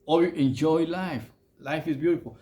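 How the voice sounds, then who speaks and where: A man's voice: fairly high pitch, moderate pace, dark tone. A man telling a long story in a casual, rambling way, full of slang and fillers. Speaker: vlogger telling prison stories.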